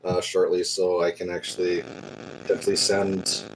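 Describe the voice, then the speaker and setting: A man speaking in character as a player in a tabletop game, halting with many fillers. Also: low voice, completely flat delivery, noisy background. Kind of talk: in-character tabletop role-play.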